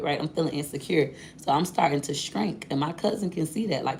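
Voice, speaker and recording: Woman, vlogger, low voice, gravelly, candid casual storytelling, faint hiss. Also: fairly quick, hardly any pauses, darkish tone. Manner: candid, chatty, addresses viewers directly.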